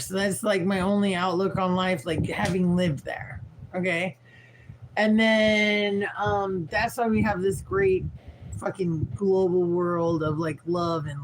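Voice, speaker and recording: A woman's voice: mid-range voice, slight background noise, rough recording. A tired woman from St. Louis rambling frankly through a livestream, swearing casually and leaning on fillers. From Midwest US, St. Louis. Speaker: vlogger livestreaming.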